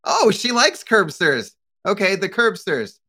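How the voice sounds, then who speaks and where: A playful co-host trading casual banter and quick teasing jabs. The voice bounces up and down a lot as they talk. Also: mid-range voice, wildly swooping pitch, sharp tone, slightly rough. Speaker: co-host of a podcast show.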